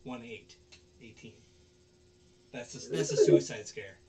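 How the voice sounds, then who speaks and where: A man's voice: mid-range voice, wildly swooping pitch, a little slow, warm tone. Man podcast host, casual rambling recapper, mid-range voice. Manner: rambling, many fillers and restarts.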